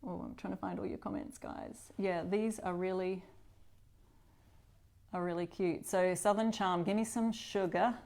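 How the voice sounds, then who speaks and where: A woman's voice: fairly low pitch, fairly even intonation, unhurried, long pauses, darkish tone. Chatty woman hosting a live craft demo. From Australia. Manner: chatty, greets viewers, reads comments. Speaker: upcycling channel host.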